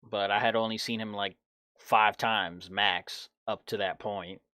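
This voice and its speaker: A young man in his twenties tells a long personal story in a blunt, animated way, with plenty of swearing. His voice sits a bit low, and the recording is dry and close with no room sound. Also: unhurried, clean tone, no room sound. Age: 20s. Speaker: podcast host. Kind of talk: casual storytelling chat.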